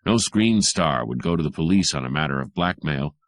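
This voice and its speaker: Male reader playing an unflappable private eye; sardonic, drawling, low. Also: expressive, fairly quick, no room sound, studio quality.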